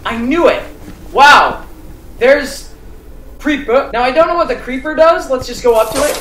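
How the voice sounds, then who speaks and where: A woman giving let's play commentary as a gamer, excitable and reacting aloud to every surprise. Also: high voice, moderate pace, a little hiss or hum. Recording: roomy, distant mic with game music.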